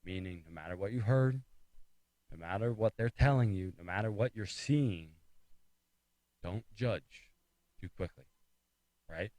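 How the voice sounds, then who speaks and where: A man's voice: lowish voice, a little slow, pauses often, darkish tone, dry recording, poor audio. A man giving a casual devotional talk, retelling a story with restarts and repeated phrases for emphasis. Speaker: speaker of a faith talk series.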